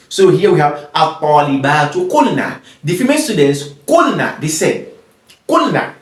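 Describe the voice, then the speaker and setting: A man teaching an Arabic grammar lesson, reading example words, translating them, repeating them and checking whether his listeners understand. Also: a little high. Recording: roomy echo, mic at a distance.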